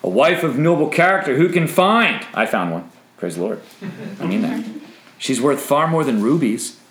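Animated joking preacher man. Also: mid-range voice, normal speed, echoey room, poor audio. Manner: animated, jokey preaching with asides. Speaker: pastor. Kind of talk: sermon.

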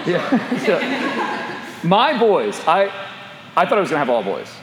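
A middle-aged pastor preaches an animated sermon, frequently putting questions to the listeners. His voice is high-pitched at normal speed, set against crowd noise in a noisy, echoey hall with long reverb.

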